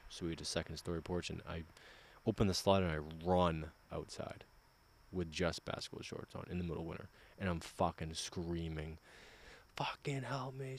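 Man, low voice, casual podcast chat, swearing a lot, rambling storyteller. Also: creaky.

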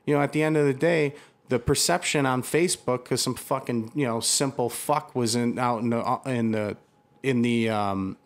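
A man talking casually in a conversation, worked up and swearing freely as he tells his story. He often stops and restarts mid-sentence and leans on filler words. His voice sits at an ordinary middle pitch for a man. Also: normal speed. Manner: heated, profane storytelling with many restarts.

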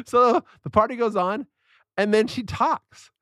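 A man co-hosting a casual podcast chat, an animated storyteller who laughs often and acts out what people said. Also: very high voice, measured pace, dry recording, studio quality. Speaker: podcast co-host.

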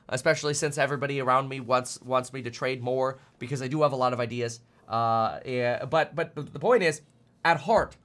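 A man's voice: on the high side, a bit bright. A man streaming finance commentary, ranting bluntly and fired up, often stumbling over repeated words.

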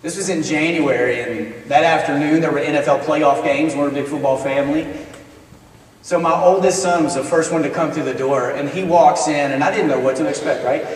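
A man's voice: on the high side, brisk. A male minister preaching a sermon, telling a personal story in a conversational, earnest way with touches of self-deprecating humor. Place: college chapel. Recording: echoey chapel from far off.

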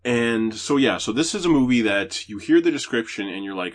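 A man's voice: mid-range voice, brisk, few pauses. A man hosting a podcast, chatting casually about movies and swearing freely. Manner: profane, animated retelling. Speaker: podcast host reviewing movies. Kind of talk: casual chat.

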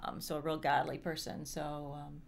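A woman's voice: deep voice, level tone, normal speed, gravelly, slight background noise. A middle-aged woman co-hosting a casual chat, rambling and full of fillers. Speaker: co-host.

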